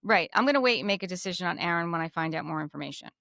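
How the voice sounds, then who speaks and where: A woman's voice: on the low side, animated, rapid-fire, vocal fry, pushed and bright, dry recording. A talkative woman with a New Jersey accent recaps a reality show in loose, opinionated chat. She circles back over her own words as she works out a point. The recording is close and dry, with no room sound. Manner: chatty, repeats herself, opinionated. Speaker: podcast co-host.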